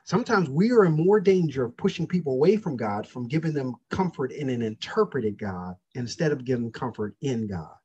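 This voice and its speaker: A man's voice: medium pitch, expressive, fairly quick, few pauses, darkish tone, slightly rough, lo-fi sound. A man preaching a sermon, calling out questions to his congregation. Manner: preaching with call-outs to the congregation. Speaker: pastor.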